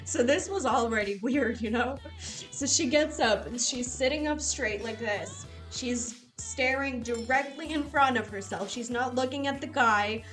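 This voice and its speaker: A young woman chatting casually with live viewers, telling stories with animated, loose delivery and casual swearing. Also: on the high side, measured pace, faint music behind. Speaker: casino streamer.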